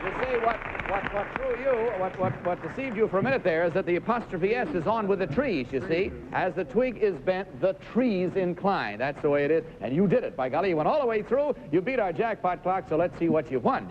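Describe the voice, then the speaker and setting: A man hosting a live TV game show, chatting briskly with contestants and cheering them on. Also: high voice, very animated. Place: TV studio stage. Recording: lo-fi hissy 1950s TV broadcast.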